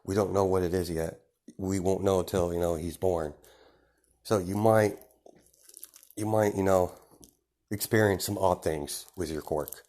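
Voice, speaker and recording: A man's voice: low voice, steady tone, unhurried, long pauses, darkish tone. A man voicing a flustered male hospital doctor in a casual spoken story, stammering through the news. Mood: startled. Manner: shocked, stammering.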